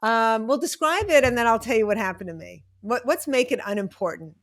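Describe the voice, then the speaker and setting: A woman's voice: a little high, expressive, fairly quick. A woman hosting an interview, enthusiastic and emphatic, laughing easily as she chats. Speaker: podcast host. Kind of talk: casual interview chat.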